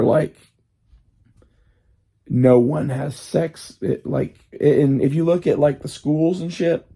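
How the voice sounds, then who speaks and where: A man with a gravelly, husky, strained voice rambles in a loose casual monologue. His tone is dark and mellow. He swears freely and fills his talk with fillers as he wanders from point to point. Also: mid-range voice. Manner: profane, meandering, full of fillers.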